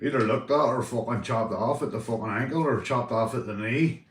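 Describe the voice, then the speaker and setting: A man's voice: medium pitch, fairly quick, recorded from a distance. A Northern Irish man chatting casually to viewers on a live stream, rambling and swearing, calling everyone mate. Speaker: livestreamer. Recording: roomy, off-mic sound.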